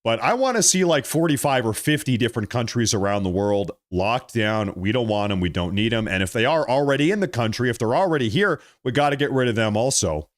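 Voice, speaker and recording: A man hosting a political commentary vlog, talking in a mocking, animated way and drawing out his emphasis. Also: medium pitch, fairly quick, hardly any pauses.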